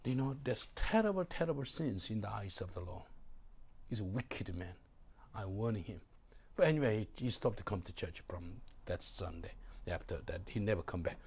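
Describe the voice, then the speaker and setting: A middle-aged man, a pastor preaching a sermon in halting, broken English. He drops to low murmurs and then bursts out loudly. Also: very animated. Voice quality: gravelly. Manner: swings from low murmurs to loud exclamations.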